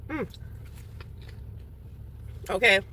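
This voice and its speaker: Candid, profane woman with a bright voice. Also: very slow, slight background noise. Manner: candid, profane, laughs often; talking while eating and drinking. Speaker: vlogger. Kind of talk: casual monologue.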